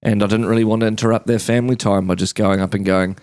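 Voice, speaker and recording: A man's voice: fairly low pitch, steady tone, quick pace, few pauses, darkish tone, no room sound, clean studio sound. A man co-hosting a podcast in casual, jokey banter and acting out imagined scenes in his stories. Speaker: podcast co-host.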